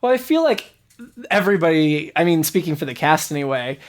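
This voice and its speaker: A man hosting a casual podcast interview, agreeable and quick with affirming murmurs. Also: a little high, sing-song. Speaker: host and show creator.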